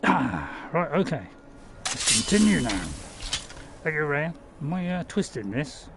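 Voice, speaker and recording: A man's voice: fairly high pitch, sing-song, measured pace, creaky, over music. A man giving casual, rambling gameplay commentary while playing in virtual reality, joking with viewers and laughing at himself. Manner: chatty and playful, rambling with fillers and self-mocking laughs. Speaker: game streamer.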